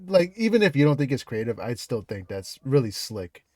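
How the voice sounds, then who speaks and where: A man's voice: mid-range voice, sing-song, a little fast, darkish tone, dry recording. A man hosting a casual interview over a video call, laughing often and talking loosely with plenty of fillers and swearing. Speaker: podcast host.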